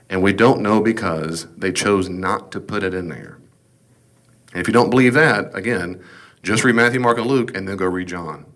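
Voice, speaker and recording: A man's voice: on the low side, a bit bright. A man teaching a Bible study as pastor, talking emphatically and casually, full of rhetorical questions.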